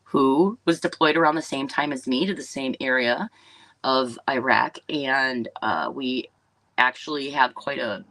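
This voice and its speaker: Woman livestream host, rambling and chatty, bright forceful voice, dry close sound. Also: very deep voice, unhurried, dry recording, poor audio. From Wisconsin, US. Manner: rambling and chatty, with many fillers and asides to viewers. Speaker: livestream host and business owner. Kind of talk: casual livestream monologue.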